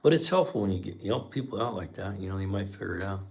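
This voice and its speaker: A man's voice: low voice, animated, rapid-fire, gravelly, a little mellow. A middle-aged man hosting a live stream as a mechanic, chatting casually with viewers and telling folksy shop stories. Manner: folksy storyteller, says man a lot.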